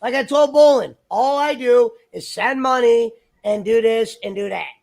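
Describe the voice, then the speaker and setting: A man's voice: extremely high pitch, moderate pace, gravelly, a little mellow. A man chatting on a livestream in a rambling, argumentative, profane way. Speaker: stream guest. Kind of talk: casual livestream chat.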